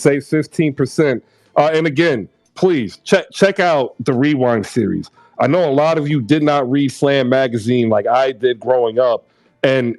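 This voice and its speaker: A man's voice: medium pitch, a little mellow, dry recording. A man in his thirties hosting a casual online chat, who laughs easily and rambles loosely through an ad read. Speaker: host.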